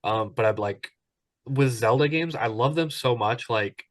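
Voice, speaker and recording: A man's voice: mid-range voice, unhurried, no echo. Chatty man on a dry podcast mic. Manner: enthusiastic, rambling with many ums. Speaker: podcast co-host. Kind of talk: casual podcast chat.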